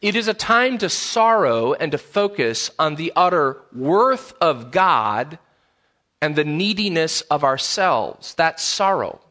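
A man's voice: a little high, big pitch swings, slow, bright, forceful tone. A man, a pastor, preaching a sermon in a conversational way, repeating key phrases for emphasis.

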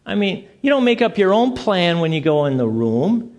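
A man's voice: sits high, normal speed. A middle-aged male pastor preaching a sermon, telling stories and acting out the dialogue. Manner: animated storytelling, acts out dialogue.

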